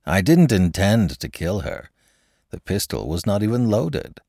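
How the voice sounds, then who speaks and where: A man voicing a cold, desperate young officer in a spoken story, low and calm. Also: a little slow, creaky, no echo, studio quality, heavily acted.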